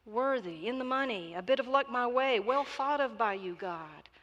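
A woman's voice: on the high side, lively intonation, moderate pace, fairly bright tone, dull audio, voice pushed up. A woman voicing an earnest disciple in a read parable, raised and explaining, in a reverberant hall. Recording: long reverb of a large hall.

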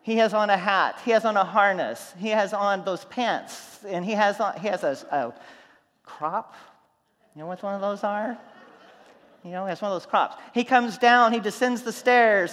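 A man preaching a sermon, telling stories, going from loud and animated to quiet and soft. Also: high-pitched, long reverb tail. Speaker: pastor.

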